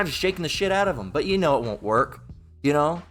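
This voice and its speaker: A man's voice: fairly high pitch, lively intonation, fast, fairly bright tone, soft background music. A man with a Southern US accent preaching an informal Bible teaching sermon. He reads scripture, then breaks into heated, profane, repetitive rants.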